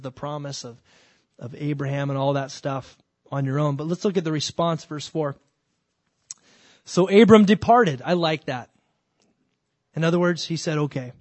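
A man preaching a sermon, animated and emphatic, acting out quoted voices as he teaches from scripture. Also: a little high, no room sound. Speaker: pastor.

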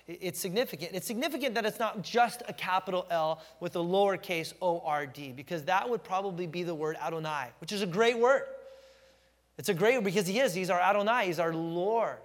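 A middle-aged man preaching a sermon as pastor, telling stories with animated energy and slowing down to stress key phrases. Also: high voice, long reverb tail. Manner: animated storytelling, emphatic, slows down to stress phrases.

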